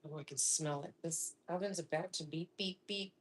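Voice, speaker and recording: A middle-aged woman from Florida hosts a live cooking stream from her home kitchen, her voice sitting on the lower side. She chats loosely and laughs often, now and then sinking into a soft half-whisper. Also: fairly even intonation, brisk, slightly rough. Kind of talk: casual chat while cooking.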